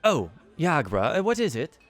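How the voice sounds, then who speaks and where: A man's voice: a little high, sing-song, moderate pace, faint music behind, pitched above the performer's own voice. A man voicing a genial retired male adventurer who works as a sly, friendly faction contact.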